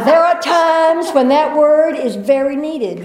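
Woman, workshop facilitator, slightly high voice, playful then soothing, echoey room. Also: moderate pace, few pauses, noisy background. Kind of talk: guided group workshop talk. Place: indoor group room.

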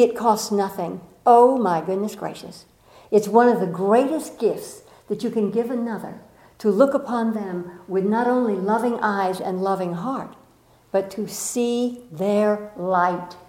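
Brief: woman, spiritual speaker, lively storyteller, mid pitch, echoey room. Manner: expressive storyteller, acts out quotes, laughs often. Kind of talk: inspirational talk to an audience.

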